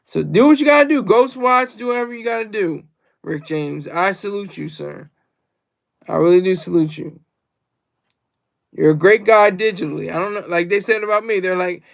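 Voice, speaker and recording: A man with a strikingly high, gravelly voice talks loosely through a livestream. He rambles, circles back to the same points and reads comments from the chat aloud. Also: normal speed, long pauses. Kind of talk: casual livestream monologue.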